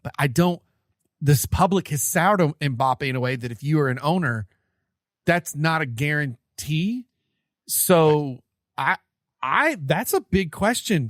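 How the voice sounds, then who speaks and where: An American man co-hosting a sports podcast, talking in an animated, rambling way and laughing easily. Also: a little high, a little slow, no room sound, clean studio sound. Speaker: podcast co-host. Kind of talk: casual sports chat.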